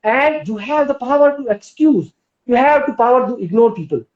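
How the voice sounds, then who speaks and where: Her voice is a little high and expressive, delivered at a moderate pace. She's a yoga instructor with an Indian English accent giving a persuasive live-stream wellness talk full of questions to her audience. A phone or laptop mic leaves the audio roomy, dull and lo-fi.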